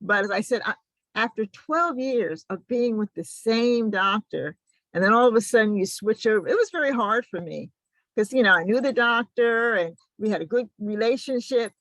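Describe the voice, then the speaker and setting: An older woman recounts her own experience on a panel, acting out her side and the other person's as she goes. Her pitch swings widely through the story, and the sound is close and dry. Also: moderate pace, no room sound, rough recording. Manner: animated, acts out both sides of a conversation. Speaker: patient panelist.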